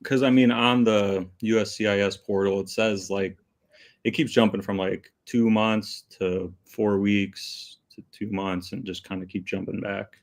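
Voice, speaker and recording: Hesitant guy calling in, super deep voice, pretty monotone, says like a lot. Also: measured pace. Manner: hesitant, many fillers like "like" and "kinda". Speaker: caller. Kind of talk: call-in question.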